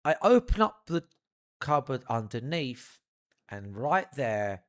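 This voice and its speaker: A young man telling a funny childhood anecdote in an animated, profane, theatrical way. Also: mid-range voice, slow. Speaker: storyteller. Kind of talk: comedic anecdote.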